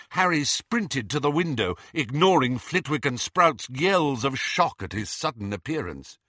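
A man narrating an audiobook in an expressive, dramatic reading. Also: medium pitch, measured pace, few pauses, no echo, clean studio sound. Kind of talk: scripted narration.

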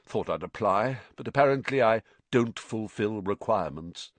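A man's voice: mid-range voice, unhurried, dry recording, voice pushed up, lightly acted. A man voicing a theatrical, old-fashioned aristocratic male ghost in an audiobook, with plummy and indignant outbursts. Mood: airy. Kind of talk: audiobook character voice.

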